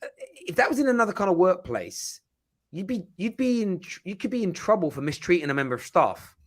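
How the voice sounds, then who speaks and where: A man hosts a casual livestream chat, talking in quick restarts and repeated words. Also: high-pitched. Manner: animated, stammering restarts. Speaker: host.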